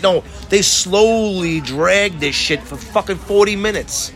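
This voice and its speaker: A man's voice: high voice, measured pace, fairly bright tone. A man in casual chat who swears a lot and acts out quotes while telling stories. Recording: crowd noise behind.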